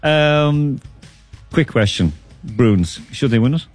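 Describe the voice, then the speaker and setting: A man's voice: mid-range voice, lively intonation, darkish tone, soft background music. A man hosting a casual sports chat, jokey and steering the conversation between guests. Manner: quick, jokey, steers the talk. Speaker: sports show host.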